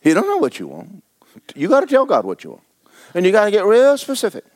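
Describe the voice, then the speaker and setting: A man, preaching a folksy, joking sermon that often jumps high in pitch for emphasis. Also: huge pitch swings, quick pace, a little mellow. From Florida. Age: 70s. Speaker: pastor.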